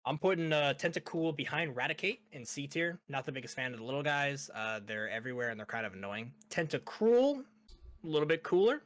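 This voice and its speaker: A man's voice: a little high, sing-song, a little fast, a bit bright. A young man hosting a casual ranking chat, rambling and laughing often. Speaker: host ranking characters.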